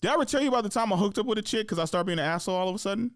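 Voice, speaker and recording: Young male podcast host, casual storyteller who laughs a lot, voice a little high, dry close sound. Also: racing, no room sound. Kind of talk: casual chat.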